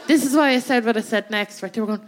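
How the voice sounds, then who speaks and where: A woman's voice: fairly high pitch, fast, a little hiss or hum. An Irish woman doing comic storytelling on stage, chatty and laughing through her own tale, checking in with "right?" as she goes. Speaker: comedian and guest co-host. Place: theatre stage before a live audience.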